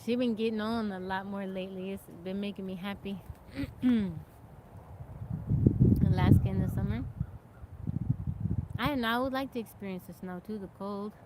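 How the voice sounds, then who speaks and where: A woman's voice: mid-range voice, steady tone, moderate pace, long pauses. Woman, live-stream host, chatty, greets viewers by name, outdoor noise behind. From America. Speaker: livestream host. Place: outdoors in nature.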